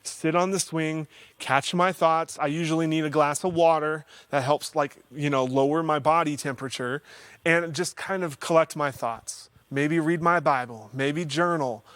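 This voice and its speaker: A man's voice: a little high, normal speed, fairly bright tone, no room sound. Man giving an earnest faith-based counseling talk. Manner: conversational, earnest, self-deprecating humor. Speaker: counseling livestream host.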